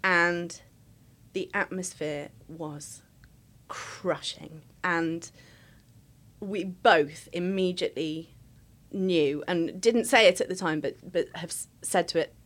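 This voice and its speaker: Woman in her 30s chatting on a podcast, animated storyteller, acts out the quotes. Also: lowish voice, slow pace. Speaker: podcast guest, writer and performer. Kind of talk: casual anecdotal chat.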